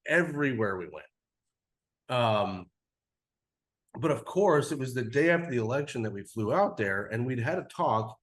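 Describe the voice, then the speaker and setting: A man's voice: mid-range voice, expressive, normal speed, pauses often. Rambling man telling a trip story. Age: 40s. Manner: rambling, loose, lots of "like" fillers and casual swearing. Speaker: podcast guest. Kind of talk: casual storytelling. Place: cigar podcast studio.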